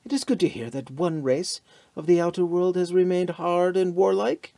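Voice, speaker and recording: A man's voice: high-pitched, steady tone, moderate pace, vocal fry, dark tone, no echo, voice pushed up. A man reading the lines of a proud, disdainful warrior princess in an audiobook, in a cold, haughty tone.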